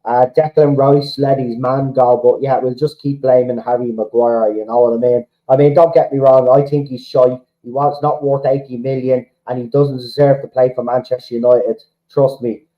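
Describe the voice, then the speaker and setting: A man's voice: mid-range voice, flat delivery, moderate pace, hardly any pauses, muffled recording. An Irish man from the Republic of Ireland hosting a fan livestream, ranting heatedly and swearing, often repeating himself. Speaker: fan channel host. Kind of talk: livestream rant to chat.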